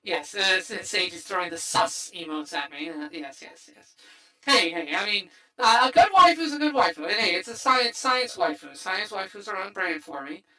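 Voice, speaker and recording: A man's voice: sits high, normal speed, bright, forceful tone, poor audio. A man hosting a livestream through a voice changer, rambling casually with lots of fillers and restarts. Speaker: streamer host. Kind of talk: casual stream wrap-up chat.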